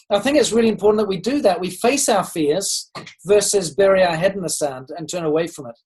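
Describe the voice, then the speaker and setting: A man's voice: sits high, a little mellow, breathy edge, rough recording. A man giving a motivational leadership talk on a group call, earnest and encouraging, asking his listeners questions and often restarting with ums. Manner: asks listeners direct questions. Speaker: leadership coach.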